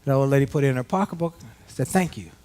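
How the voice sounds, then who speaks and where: A middle-aged man from Washington giving a live motivational speech to a work audience, animated and folksy, talking straight to the crowd. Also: medium pitch, quick pace. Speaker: motivational speaker. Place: conference room before a live audience.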